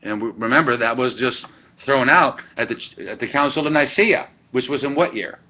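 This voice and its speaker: A man's voice: medium pitch, moderate pace. A man teaching a church history class, walking through dates and quizzing his students as he thinks aloud. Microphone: webcam. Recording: muffled webcam audio.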